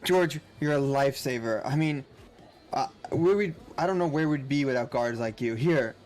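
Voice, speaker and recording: A man's voice: mid-range voice, moderate pace, darkish tone, natural voice. A man voicing a male adventurer who thanks a guard effusively. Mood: grateful.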